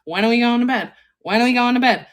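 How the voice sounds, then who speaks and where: A woman voicing her pet cat, which keeps nagging in a raised, higher voice. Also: fast, close to an everyday voice.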